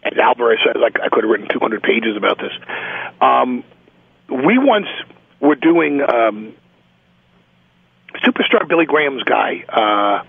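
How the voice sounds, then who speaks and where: A man telling stories as a guest on a phone call, animated, with frequent stammered restarts. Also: mid-range voice, a little slow, creaky, pauses often, breathy edge, no echo. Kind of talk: casual phone interview anecdote. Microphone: telephone. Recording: tinny phone line.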